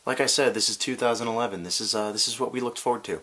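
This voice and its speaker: A man's voice: medium pitch, very fast, bright, forceful tone. A man vlogging comedic news commentary, ranting with profanity and sarcastic asides.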